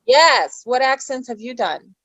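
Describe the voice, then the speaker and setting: A woman's voice: sits high, very animated, measured pace, fairly bright tone, no room sound, low-quality recording. A woman being interviewed as an actress, talking in a chatty way that wanders off and loses its thread. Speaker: actress guest. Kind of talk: casual interview chat.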